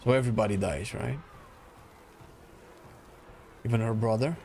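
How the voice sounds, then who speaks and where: A man's voice: on the low side, normal speed, creaky, a little mellow, slight background noise. A man streaming a game, chatting casually, joking and thinking aloud as he plays. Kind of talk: casual gameplay commentary.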